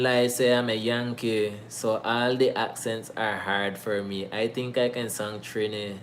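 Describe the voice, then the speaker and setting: A man's voice: mid-range voice, a little hiss or hum. A man from Bluefields, Nicaragua, with a Nicaraguan Creole English accent, answering viewer questions in a slangy, joking casual chat.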